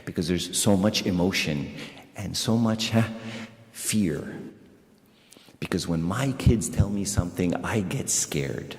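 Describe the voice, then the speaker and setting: A man delivers a sermon in a chatty, animated way, often repeating himself for emphasis. His voice rings through a large church with a long, hanging reverb. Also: low-pitched, takes it slowly. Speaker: priest.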